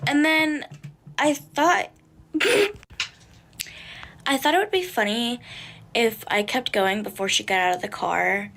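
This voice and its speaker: A woman's voice: fairly high pitch, slow pace, gravelly, pauses often, a bit bright. A young woman calling in, telling a rambling, swear-filled story in a casual way. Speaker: caller.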